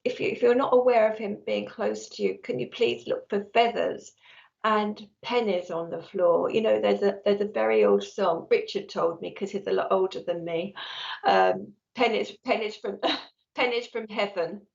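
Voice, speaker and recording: A woman's voice: mid-range voice, steady tone, moderate pace, creaky. A woman psychic medium giving a live reading to a viewer, chatty and affectionate, often restarting her sentences. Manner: chatty, warm, frequent restarts. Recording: dull lo-fi stream audio.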